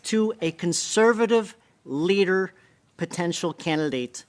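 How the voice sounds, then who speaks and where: A man's voice: sits high, animated, a little slow. A man, a member of parliament, speaking in an exasperated, mocking way during a heated committee debate at a desk microphone. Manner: exasperated, mocking, breaks into laughter.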